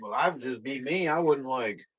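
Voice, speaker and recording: A man's voice: mid-range voice, lively intonation, moderate pace, slightly rough, no room sound. A middle-aged man, casually rambling to chat viewers while opening card boxes on a live stream. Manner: rambling, laid-back, talks to chat viewers.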